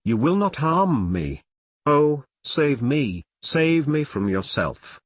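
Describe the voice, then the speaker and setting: A man voicing a terrified young woman who begs slowly for mercy, for an audiobook of an old novel. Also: on the high side, very animated, no room sound, clean studio sound, heavily acted. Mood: terrified pleading.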